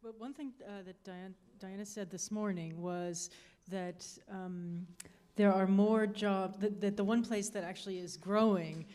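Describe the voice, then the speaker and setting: A woman's voice: mid-range voice, measured pace, dark tone. Chatty woman on a panel. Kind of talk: panel discussion.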